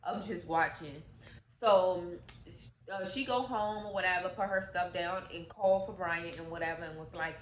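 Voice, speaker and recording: A woman casually retelling a movie's plot to her viewers, talking in AAVE with animated, profane asides. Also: fairly low pitch, moderate pace, roomy sound, a little hiss or hum, low-quality recording. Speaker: YouTube storyteller.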